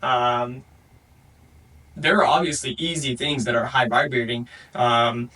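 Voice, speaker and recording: A man's voice: medium pitch, fairly even intonation, unhurried, sharp tone, distant mic, rough recording. A young man hosting a podcast and giving a blunt solo motivational talk, swearing constantly and calling the listener bro. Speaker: podcast host.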